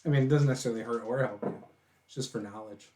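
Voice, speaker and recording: A man running a tabletop game as game master, lively and quick to laugh as he describes the scene. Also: medium pitch, a little hiss or hum.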